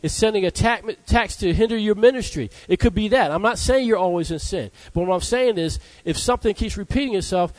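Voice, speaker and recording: A fervent male preacher, his voice sitting high for a man. He drives the sermon with call-and-response, asking "Amen?" and calling out "Hallelujah." The sound is dry and close, with no room echo. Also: darkish tone.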